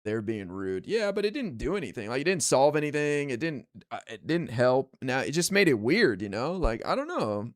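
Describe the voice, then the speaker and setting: A man telling a story in a loose, rambling monologue, full of fillers and blunt profanity. His voice sits at a middle pitch but swings widely, and it leaps up when he quotes other people. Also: moderate pace, few pauses. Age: adult, calls himself too old to yell at teens. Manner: animated, jumping high when quoting others. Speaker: political commentary streamer.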